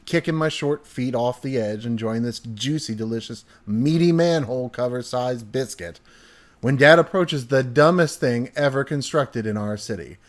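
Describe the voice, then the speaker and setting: A man reading aloud a friend's funny childhood story, with an animated, hyperbolic delivery that swings from hushed to loud. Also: mid-range voice.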